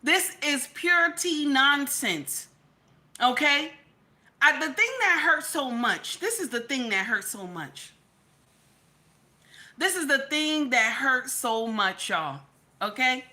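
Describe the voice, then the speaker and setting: A woman's voice: high-pitched, animated, slow pace, pauses often. Fired-up, emotional woman streamer. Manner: emphatic and repetitive, swings between loud scolding and quiet near-tearful talk. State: near tears. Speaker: live stream commentator. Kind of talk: emotional live-stream commentary.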